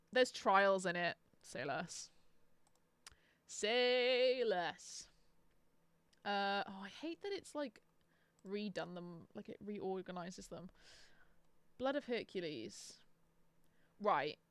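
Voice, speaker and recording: Bright, clear-voiced young woman. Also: mid-range voice, dry recording. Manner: chatty, sarcastic, swears freely. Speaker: book streamer. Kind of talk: casual live-stream chat.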